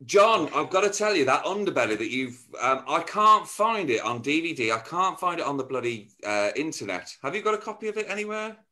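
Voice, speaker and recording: A man interviewing a guest, with a lively, rising-and-falling voice and a bright, forceful edge. He sounds eager and chatty, asking about old work and pressing for details. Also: fairly high pitch, brisk, hardly any pauses. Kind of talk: interview questions.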